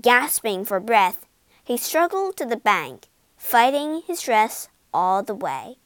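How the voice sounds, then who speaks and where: Slow, lively woman storyteller. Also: fairly high pitch, dry recording. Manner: expressive, deliberate. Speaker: narrator. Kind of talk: storybook read-aloud narration.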